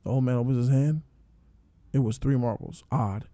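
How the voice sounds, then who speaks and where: A man giving a casual, animated review and retelling a story in loose slang. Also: mid-range voice, moderate pace, no room sound.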